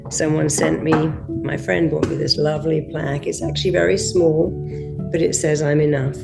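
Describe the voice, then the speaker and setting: A woman's voice: on the low side, vocal fry. A woman hypnotherapist giving a motivational talk and guided self-hypnosis, with a direct, repetitive coaching delivery.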